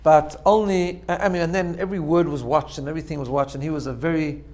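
Man, religious teacher, informal sermon, storytelling, a bit high-pitched. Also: steady tone, quick pace, darkish tone. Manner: storytelling, checks in with "right?", laughs at own jokes.

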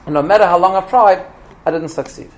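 A man playing a brash troublemaker who talks loudly and insistently. His voice is high for a man and pushy. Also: brisk, lightly acted. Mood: complaining. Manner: loud and insistent. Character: brash, provoking adult man making a bet.

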